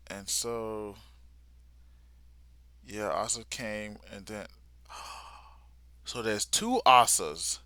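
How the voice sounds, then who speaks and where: A man talks through a comic he is reacting to live, his voice bright and forward. He takes his time, with a slightly low pitch, and sometimes dips to a near-whisper. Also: takes it slowly, pauses often, no echo. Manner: casual slangy talk that drops to near-whispers. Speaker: vlogger reacting live to a manga.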